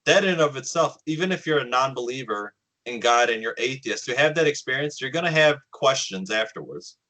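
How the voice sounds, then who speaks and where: Podcast host, male, casual storyteller who acts out the quotes; bright voice. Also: mid-range voice, a little fast, rough recording. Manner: animated storyteller, acts out quotes, swears often.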